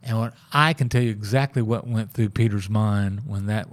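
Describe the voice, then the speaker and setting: A man's voice: on the low side, moderate pace. Folksy man telling Bible stories. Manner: folksy, conversational, acts out quoted lines. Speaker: church member sharing his faith story. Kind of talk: casual testimony and Bible storytelling.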